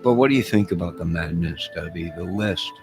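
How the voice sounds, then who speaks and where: A man's voice: low voice, a little fast, over music. A man talking to his camera in a rambling casual monologue, telling a story with asides and chuckles. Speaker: vlogger.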